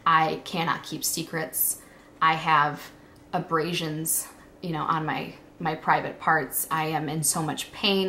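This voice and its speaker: A young woman vlogger telling a personal story in a halting, emotional way, with many fillers. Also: deep voice, pushed and bright, slight background noise.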